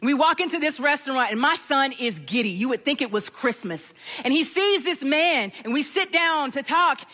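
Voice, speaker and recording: A middle-aged woman preaching a sermon, telling a personal story in an animated way and acting out the voices in it. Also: sits high, normal speed. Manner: animated, acts out quoted voices in her story.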